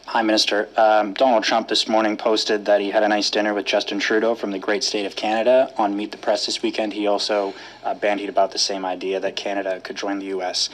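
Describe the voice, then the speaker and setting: Male reporter, quick questions, flat delivery, lowish voice, faint ambience. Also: rough recording. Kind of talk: press conference question.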